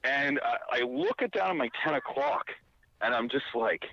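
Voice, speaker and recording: A man spins a rambling anecdote, his pitch swinging widely and his tone bright and forward. He stumbles over restarts and fillers as he goes. The clip sounds dry and slightly dull, like a lo-fi recording. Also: expressive, moderate pace, no room sound. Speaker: storyteller. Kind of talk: casual anecdote.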